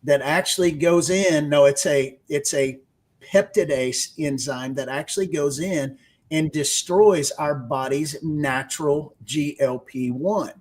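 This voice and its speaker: A man's voice: fairly high pitch, unhurried. A man with a Texas accent, a radio guest explaining technical science step by step. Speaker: guest, research executive. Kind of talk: explanatory interview answer.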